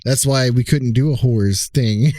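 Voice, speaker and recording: In casual podcast chat, a male co-host with a medium-pitched voice spins a long, rambling, profane tale, imitating the people he talked to on calls. Background noise can be heard.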